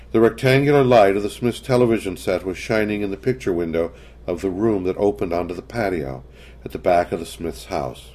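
A man narrating a story in a measured, scripted reading. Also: lowish voice, darkish tone.

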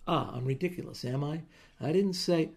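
A man's voice: on the high side, moderate pace, a little mellow, voice pushed up, lightly acted. A man doing a blustering drunk husband. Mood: angry. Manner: blustering, self-pitying. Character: hot-headed drunk out-of-work husband.

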